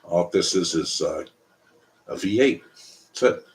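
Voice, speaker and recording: A man's voice: low voice, animated, a little slow. A Canadian man hosting a casual live stream, talking bluntly and profanely in a rambling way.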